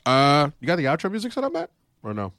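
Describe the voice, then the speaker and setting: A man co-hosting a casual podcast, rambling quickly and repeating his picks. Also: on the high side, wildly swooping pitch, fairly bright tone, no echo, studio quality. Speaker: podcast co-host. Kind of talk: casual fantasy football chat.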